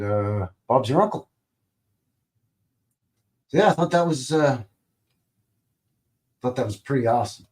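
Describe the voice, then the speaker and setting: Man, slightly low voice, casual live-stream host, rambling, playful. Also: darkish tone. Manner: rambling, playful, makes goofy sound effects. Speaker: livestream host.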